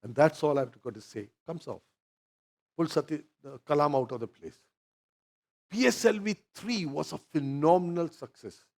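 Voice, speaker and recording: A man's voice: on the high side, moderate pace, vocal fry, darkish tone. A man with an Indian English accent preaching a sermon, telling personal stories and speaking directly to the congregation. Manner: storytelling, addressing the congregation directly. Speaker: pastor.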